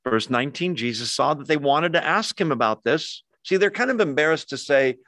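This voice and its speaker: A male pastor preaching a conversational sermon, acting out quoted voices with lively asides. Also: fairly high pitch, a little fast, few pauses, no room sound.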